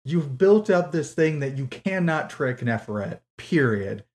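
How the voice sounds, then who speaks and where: A woman's voice: deep voice, animated, unhurried, darkish tone. A woman co-hosting a podcast, casually picking apart a book with sarcastic, profane disbelief. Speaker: podcast co-host. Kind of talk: casual book-critique chat.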